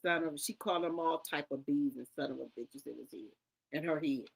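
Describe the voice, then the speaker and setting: A woman's voice: deep voice, brisk, creaky, breathy edge. A woman reacting to an interview clip with dramatic disbelief, cursing freely and talking straight to her viewers. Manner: dramatic and incredulous, jumps from shrieks to muttered sighs. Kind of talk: animated reaction commentary.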